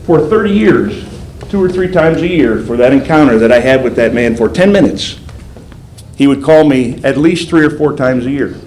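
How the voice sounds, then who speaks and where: A man's voice: medium pitch, moderate pace. An older man, a federal agent, telling a story to police recruits and acting out the voices he quotes. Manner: animated, acts out quoted voices. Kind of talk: storytelling speech. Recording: roomy hall sound, faint background noise.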